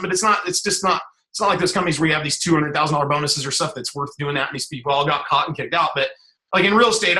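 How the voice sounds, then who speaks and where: Man, middle-aged, rapid-fire, bright tense voice, rambling coaching talk, echoey video call room. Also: fairly high pitch. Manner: rambling, with many fillers and restarts; blunt, swears casually. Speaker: guest speaker, business coach.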